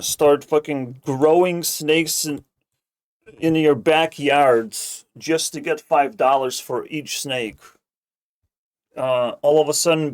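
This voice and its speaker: A man ranting sarcastically as a streamer, swearing constantly and rambling. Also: on the high side. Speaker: streamer reacting to a video. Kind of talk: casual profane rant.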